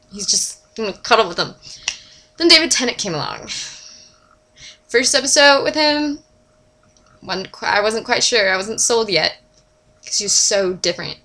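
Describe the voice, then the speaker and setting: A young woman chatting casually to her camera as a fan, gushing and animated, dropping to whispers and jumping to squeals. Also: medium pitch. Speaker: vlogger.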